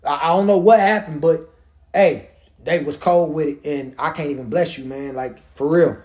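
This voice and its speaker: A man doing an aged father who talks in loose everyday slang, shaken and confused. The voice sits high. The figure is a retelling of an old story put into modern words. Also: moderate pace, a little mellow, natural voice. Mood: dismayed. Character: old blind father, shocked and bewildered.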